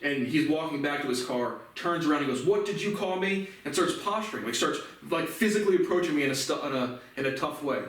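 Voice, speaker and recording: A man's voice: on the high side, fast, few pauses, a bit bright. A man in his twenties telling a rambling, profane, indignant story in a casual vlog. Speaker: vlogger. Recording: very echoey room, distant mic.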